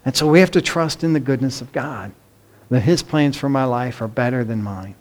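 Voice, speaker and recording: A man's voice: medium pitch, normal speed, slight background noise. A middle-aged man preaching a sermon in an earnest, emphatic way, often asking the congregation rhetorical questions. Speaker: pastor.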